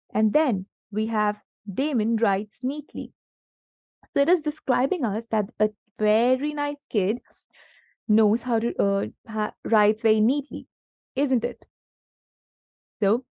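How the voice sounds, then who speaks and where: A woman's voice: on the high side, no room sound, muffled recording. A woman tutoring a young child in grammar, patient and encouraging, asking many questions and praising the answers. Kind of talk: one-on-one grammar lesson for a child.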